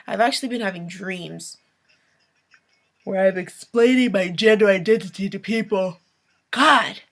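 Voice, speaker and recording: A woman's voice: medium pitch, slow, long pauses, a bit bright. A young adult woman vlogging a late-night rant, exasperated, with sighs and whispered asides.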